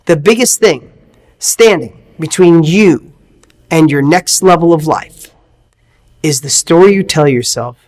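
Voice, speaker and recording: A man giving an energetic motivational coaching talk, emphatic and full of repeated questions. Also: high-pitched. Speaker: motivational speaker.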